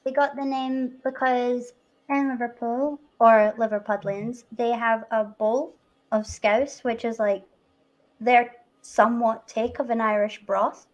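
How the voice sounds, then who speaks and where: A woman with a light Scottish accent, hosting a casual chat and talking in a lively, chatty way. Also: a little high, measured pace, dull audio. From Scotland. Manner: chatty, laughs often. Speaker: host.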